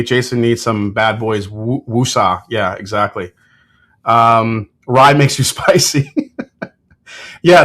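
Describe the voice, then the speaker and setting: Hosting a whiskey tasting on a livestream, this laid-back reviewer jokes around, cusses openly, and trades banter with viewers in his chat. He speaks at a middle pitch in a loose, easygoing manner.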